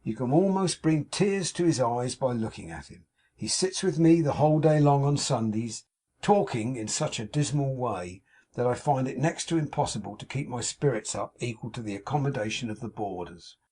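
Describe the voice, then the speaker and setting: A man's voice: medium pitch, animated, moderate pace, dark tone, breathy edge. A man voicing a fussy, effusive middle-aged landlady who confides everything melodramatically, in a storybook reading. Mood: gushing.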